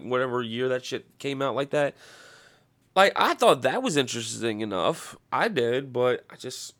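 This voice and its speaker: A man with a gravelly, fry-edged voice rants through a casual podcast, swearing constantly and doubling back on his sentences. He gets animated and loud in bursts, then settles back into a rambling flow. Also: medium pitch. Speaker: podcast host. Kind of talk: casual profane rant.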